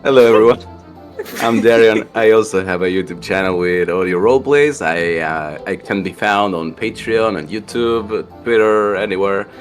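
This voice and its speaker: A man's voice: lowish voice, moderate pace, hardly any pauses, faint music behind. A man playing in a tabletop game, joking and chatting casually. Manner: joking, playful. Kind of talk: casual livestream chat.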